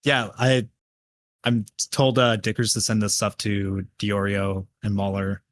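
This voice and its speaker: A man's voice: fairly low pitch, flat delivery, unhurried, a little hiss or hum. A man guesting on a livestream, talking casually with many hesitations and fillers. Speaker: guest commentary video maker.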